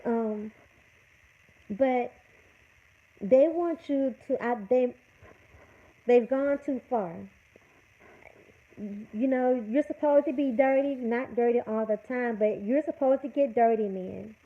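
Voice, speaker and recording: High-voiced woman ranting on a tinny line. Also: slow pace, pauses often. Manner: emphatic, repetitive, scolding. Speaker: livestream host. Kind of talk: livestream rant to chat. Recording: tinny phone-like audio.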